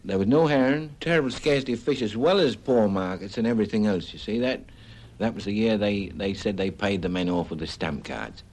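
A man's voice: fairly low pitch, brisk, a little mellow, poor audio. An older man, a retired herring fisherman, remembering hard years in a plain-spoken way and often saying "you see". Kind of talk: reminiscing interview.

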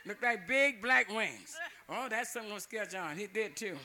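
A man's voice: high-pitched, expressive, moderate pace, pushed and bright. An older man telling a folk tale in a loose, repetitive way, chuckling as he goes. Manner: chuckling, dialect-rich, repetitive. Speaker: storyteller.

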